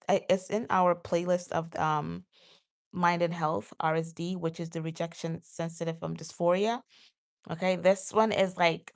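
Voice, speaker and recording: A woman vlogger talking casually to her viewers, getting animated and jumping high when she acts out her own outbursts. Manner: says "y'all" and "you guys". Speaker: vlogger host. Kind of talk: casual talk to camera.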